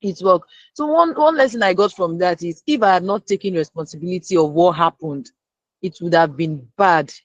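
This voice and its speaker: A speaker, sharing a personal lesson as a guest and retelling it lively, acting out the people in the story. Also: medium pitch, normal speed, no echo, highs cut off. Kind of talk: storytelling testimony.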